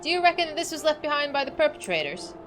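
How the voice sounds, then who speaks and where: A woman's voice: sits high, big pitch swings, fast talker, pitched above the performer's own voice. A woman voicing a blustering male sea officer in a game, speaking in a put-on seafaring dialect full of old sailor talk. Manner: old-fashioned sailor speech with ye, aye and ain't. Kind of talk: reading game dialogue aloud.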